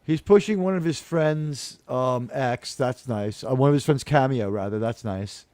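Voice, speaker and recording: A man's voice: mid-range voice, unhurried, a little mellow, dry recording. A man hosting a casual podcast panel, talking in a rambling, sarcastic way with mocking asides. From United States.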